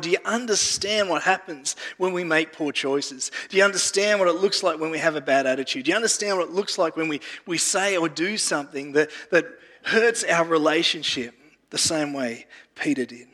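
Man preaching, high voice, long echo. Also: fairly quick, sharp tone. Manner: earnest, repeats words as he gathers thoughts. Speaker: pastor. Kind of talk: sermon. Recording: long reverb of a large room.

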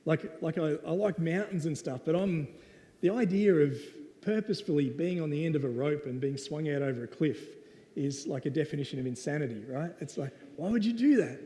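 A man's voice: on the high side, expressive, fairly quick, mellow. A man preaching a casual storytelling sermon, conversational and playful. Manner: conversational and playful, with lots of "right?". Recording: long reverb of a hall.

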